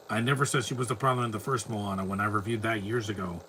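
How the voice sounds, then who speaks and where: A man talking over a film with a bright, forceful voice, rambling from one opinionated aside to the next. His casual commentary turns into rants, with a faint hiss underneath. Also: on the low side, steady tone, quick pace.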